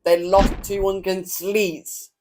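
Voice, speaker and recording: A man's voice: high-pitched, flat delivery, measured pace, a little mellow, slight background noise. A man with an English accent eagerly giving football predictions in casual chat, with short enthusiastic replies.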